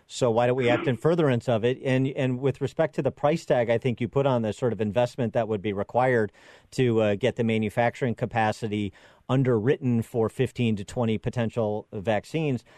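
A man's voice: medium pitch, steady tone, a little fast, darkish tone, no echo, studio quality. A man hosting a talk radio show, giving sarcastic commentary with mocking asides and frequent fillers. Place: radio studio.

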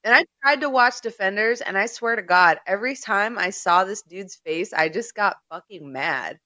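A woman's voice: mid-range voice, normal speed, pushed and bright, no room sound. A woman co-hosting a podcast in casual chat, blunt and exasperated, swearing freely. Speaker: podcast co-host.

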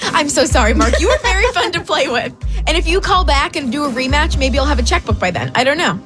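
A woman's voice: high voice, sing-song, fast, over music. A woman on a morning radio show, chatty and self-deprecating, joking through a quiz.

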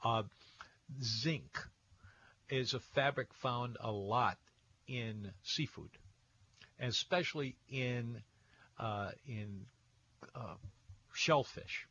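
A man's voice: medium pitch, very slow, pauses often, dull audio. Radio host man with an easygoing, hesitant delivery. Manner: relaxed, hesitant with many fillers. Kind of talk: radio call-in talk.

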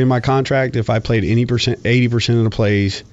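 A man's voice: mid-range voice, steady tone, quick pace, no echo. A middle-aged man, a former football player, telling stories in a casual interview, rambling with many fillers and restarts. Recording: dull lo-fi sound.

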